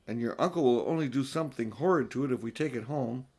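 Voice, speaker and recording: A man's voice: medium pitch, quick pace, vocal fry, a little mellow, husky. An older man reading a storybook aloud, voicing a dreamy and sensible young girl in a raised voice. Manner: dreamy, then urgent and practical.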